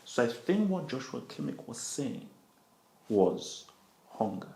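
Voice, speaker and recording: A man's voice: medium pitch, big pitch swings, slow pace, vocal fry, a little mellow, reverberant. A man hosting a football channel, giving a playful commentary monologue and acting out imagined conversations, dropping to whispers and jumping to yelps.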